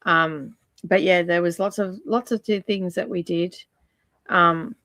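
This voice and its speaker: Middle-aged woman, lowish voice, rambling casual craft-stream chat, dry close sound. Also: fairly even intonation, unhurried, a bit bright, no room sound. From Australia. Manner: rambling, chatty, many ums. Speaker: craft live stream host. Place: home craft room.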